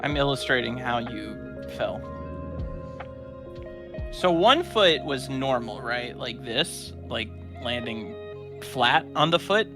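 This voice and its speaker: A man's voice: mid-range voice, animated, slow, long pauses, music in the background. A man co-hosting a casual chat, chiming in briefly. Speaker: co-host.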